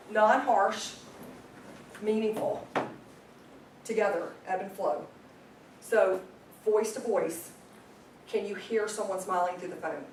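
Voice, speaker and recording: A woman leading a live sales training class, energetic and constantly quizzing her audience. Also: mid-range voice, slight background noise. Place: meeting room with a group. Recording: echoey room, distant mic.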